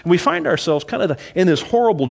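A middle-aged male pastor preaching with a lively, swinging voice that sits a little high for a man. He drops low and quiet when he reads scripture aloud, then climbs back up as he explains it. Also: quick pace, gravelly. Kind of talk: sermon.

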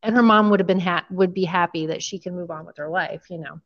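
A woman's voice: fairly low pitch, fast talker. Emotional woman, dull lo-fi sound. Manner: emotional, gushing, trailing off. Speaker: podcast co-host. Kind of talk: casual chat.

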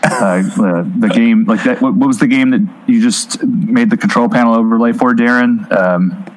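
A man's voice: medium pitch, normal speed, poor audio. A man co-hosting a loose, casual show. He rambles from one point to the next and jokes as he goes. He often laughs off his own slip-ups. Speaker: co-host. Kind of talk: casual chat.

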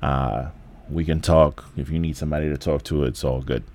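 A man's voice: very deep voice, steady tone, moderate pace, darkish tone. A man, hosting a candid solo podcast from home in a laid-back, rambling, profane way with lots of restarts. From the Bronx, New York. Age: 40s. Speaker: podcast host.

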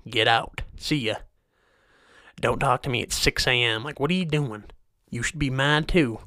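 A man's voice: mid-range voice, moderate pace, bright, forceful tone, no room sound, studio quality. A man hosting a comedy rant show, complaining in an exasperated, mock-angry way with a lot of swearing.

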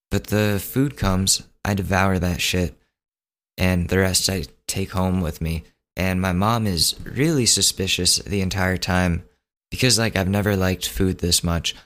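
A man with a very deep, low voice tells a personal story on his podcast. He sounds laid-back and chatty and slips in jokes as he goes. It is a relaxed solo monologue. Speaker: podcast host.

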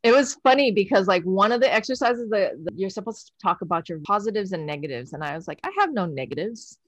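A woman host telling a story on a casual podcast, animated and laughing, with frequent swearing. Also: mid-range voice, fast, no echo, lo-fi sound.

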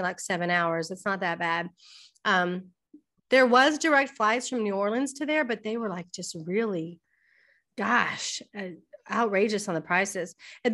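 A woman's voice: mid-range voice, a bit bright. A middle-aged woman co-hosting a casual podcast, chatting loosely and sometimes talking while she eats. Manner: chatty, talks while eating, frequent restarts. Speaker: podcast co-host. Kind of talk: casual chat.

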